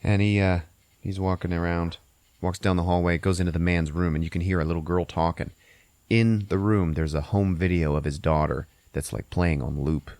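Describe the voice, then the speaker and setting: Man, podcast host, very low voice, profane lively storyteller, dry close sound. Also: normal speed, dry recording. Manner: profane, laughing, animated storyteller. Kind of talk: casual movie recap.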